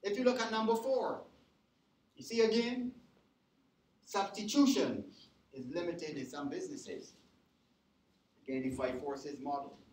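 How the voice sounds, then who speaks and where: A man's voice: fairly high pitch, measured pace, pauses often, a little mellow. A male lecturer teaching a class in an interactive way, often stopping to check whether the students are following. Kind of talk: university lecture. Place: lecture hall. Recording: echoey lecture hall recording.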